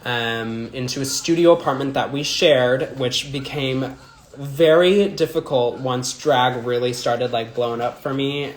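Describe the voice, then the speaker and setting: Young male drag performer, loose chatty livestream delivery, filler-heavy, mid-pitched, roomy echo. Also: fairly even intonation, unhurried. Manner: rambling, chatty, many "like" and "um" fillers. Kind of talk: casual livestream chat answering viewer comments. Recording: echoey room with faint music.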